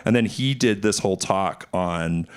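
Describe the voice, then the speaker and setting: A man speaking on a casual festival panel, recounting memories with plenty of energy. His voice sits a little low, and he acts out what others said, his pitch jumping up sharply as he does. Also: a little slow, smooth. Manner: animated storyteller, acts out quotes in a raised voice.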